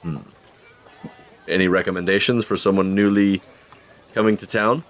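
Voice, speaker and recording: A man's voice: sits low, fairly even intonation, normal speed. A male player in a tabletop game, politely and hesitantly asking questions in character. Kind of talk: tabletop role-play.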